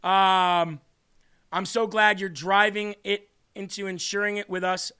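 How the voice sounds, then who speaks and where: Male podcast host, bright and high, earnest and a little teary while reading live chat. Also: level tone, measured pace, smooth. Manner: earnest, emotional, reads comments aloud. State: tearing up.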